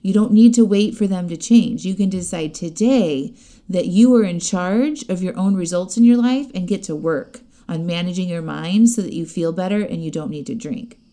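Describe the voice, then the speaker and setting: A woman's voice: on the low side, moderate pace, dark tone. A middle-aged woman coaching her listeners in a chatty, direct way, often laughing as she talks. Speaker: life coach. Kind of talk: podcast-style coaching talk.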